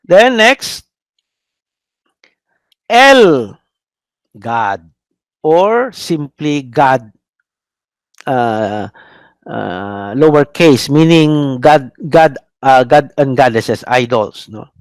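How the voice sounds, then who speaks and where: A man's voice: medium pitch, lively intonation, extremely slow, pauses often, smooth, dry recording. A man with a Filipino accent, a priest giving a classroom lecture, drilling pronunciation and tagging sentences with "no?", often hesitating with fillers. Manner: hesitant, many "uh" fillers and restarts. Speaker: priest lecturing on biblical Hebrew.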